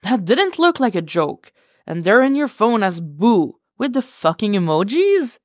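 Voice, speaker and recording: A woman's voice: lowish voice, normal speed, no room sound, studio quality, natural voice. A woman reading a podfic, voicing an incredulous young man who needles his friend.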